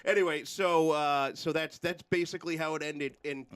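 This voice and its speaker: A man's voice: on the high side, normal speed, clear, resonant tone, no room sound. A middle-aged man co-hosting a podcast, telling a story casually and acting out the quotes with laughter. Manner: animated, laughing, acts out quotes. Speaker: podcast co-host.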